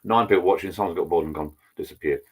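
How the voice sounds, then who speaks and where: Middle-aged man, very low voice, loose rambling live-stream host. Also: quick pace, husky. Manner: rambling, chatty, greets viewers by name. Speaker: channel host. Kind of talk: casual live-stream chat. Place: home garden bar. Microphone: laptop.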